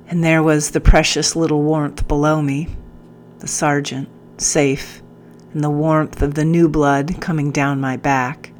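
A woman reads a first-person novel aloud in a low, deep voice, taking her time with each line. Her delivery is earnest and measured, with faint ambience under the recording. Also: slight background noise. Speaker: audiobook narrator. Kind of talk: first-person audiobook narration.

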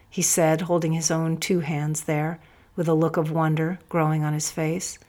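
A woman's voice: deep voice, level tone, normal speed. A woman giving first-person audiobook narration with intense, emphatic storytelling.

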